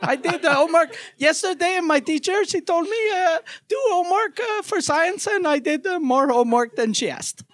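A man's voice: extremely high pitch, animated, normal speed, hardly any pauses, dry recording, clean studio sound, pitched above the performer's own voice. A man with a Quebec French accent voicing a precocious seven-year-old boy who uses a childish voice but big words, in a comedy sketch. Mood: boastful. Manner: childish voice with grown-up words, giggling.

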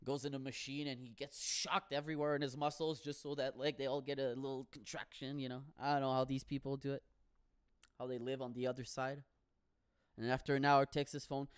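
A man in a profane comic rant, animated and swearing, with bursts of shouting. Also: mid-range voice, fairly quick, clear, resonant tone, no room sound, clean studio sound.

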